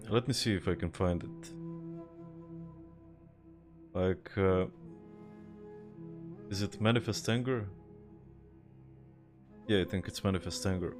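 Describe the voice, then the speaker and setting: A young man from Serbia with a Serbian accent, chatting casually on a game stream, laid-back and swearing, reading and answering viewer chat. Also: fairly low pitch. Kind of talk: casual live-stream chat while gaming.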